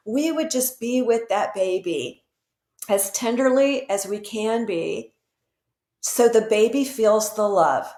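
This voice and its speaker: A woman's voice: mid-range voice, measured pace, warm tone, echoey room. A woman guest expert in an interview, explaining earnestly with examples.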